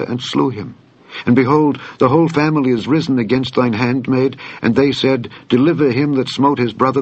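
A man's voice: mid-range voice, no room sound, pitched above the performer's own voice, lightly acted. A man reading as a pleading grieving widow. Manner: earnest, imploring. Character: pleading grieving widow woman, middle-aged. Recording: dull lo-fi dry recording.

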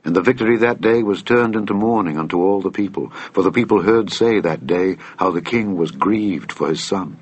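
A man reading an old Bible text aloud in a measured, solemn way. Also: deep voice, breathy edge. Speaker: scripture reader.

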